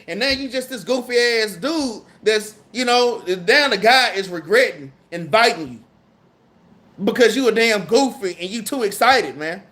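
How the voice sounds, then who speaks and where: A man with a Southern US accent teaching a scripture class in a casual, slangy way, reading verses slowly and then explaining them. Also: high-pitched, lively intonation, bright, forceful tone.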